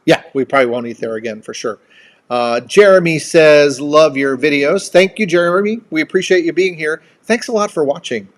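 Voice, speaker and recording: A man's voice: a little high, moderate pace. A man co-hosting a casual live-stream chat, talking at length and reading out viewer comments with thanks.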